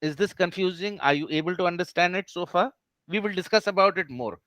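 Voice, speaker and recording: A man's voice: sits high, fairly quick, fairly bright tone, no echo. A man teaching an online class over a video call, who explains each point patiently and keeps checking that his students follow.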